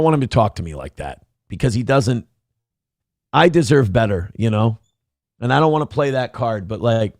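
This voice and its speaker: Gravelly-voiced man hosting a livestream. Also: mid-range voice, sing-song, normal speed, dry recording, studio quality. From Minnesota. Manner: mocking, over-the-top corny impressions of critics. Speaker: livestream host. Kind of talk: casual livestream rant.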